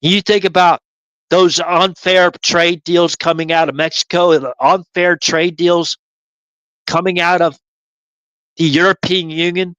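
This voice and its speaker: A man putting on a gruff, blustering male Marine drill sergeant who keeps calling people pal. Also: sits high, fairly even intonation, measured pace, a bit bright, no echo, highs cut off. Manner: blustery, barking, condescending "pal".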